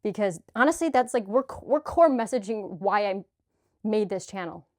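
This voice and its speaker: A woman's voice: medium pitch, lively intonation, moderate pace, darkish tone, no room sound, studio quality. A woman talking straight to her viewers in a heartfelt spiritual vlog, earnest and gushing, sweaty and a little choked up. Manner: earnest, gushing, with restarts and filler. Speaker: spiritual vlogger. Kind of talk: heartfelt direct-to-camera vlog.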